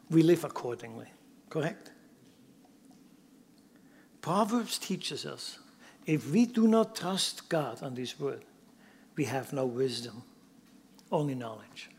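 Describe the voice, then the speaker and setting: A man preaching a sermon, swinging from loud emphatic bursts down to near-whispers. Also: on the high side, big pitch swings, slow, creaky, long pauses, breathy edge, long reverb tail. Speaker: pastor.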